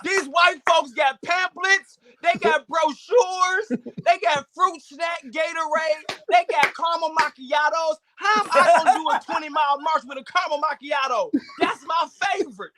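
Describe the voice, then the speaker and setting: A man performing a stand-up comedy set as a guest, with animated, preacher-like call-outs to the audience. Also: very high-pitched, moderate pace, hardly any pauses, noisy background.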